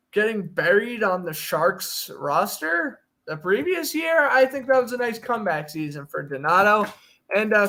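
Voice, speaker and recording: A man's voice: sits high, a bit bright. A young man co-hosting a casual sports chat, opinionated and jokey as he runs through player news. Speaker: podcast co-host.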